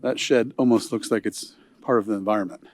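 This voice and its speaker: A man's voice: on the low side, brisk. A man giving a casual walking tour of a hunting camp outdoors, huffing a little in the heat, recorded on a handheld camera. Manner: relaxed, chatty, points things out as he walks.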